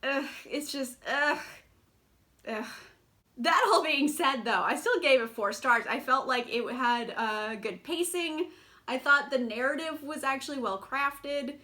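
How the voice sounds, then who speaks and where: A young woman talks through her reading in a casual book vlog, chatty and sarcastic. Her voice sits high and sounds bright and lively. She fills her sentences with fillers and breaks into quick laughs. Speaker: book vlogger.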